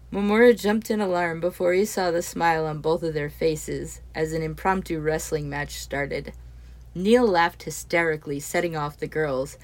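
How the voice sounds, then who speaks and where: A woman reading a story aloud as its narrator, steady and expressive. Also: sits low. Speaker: audiobook narrator.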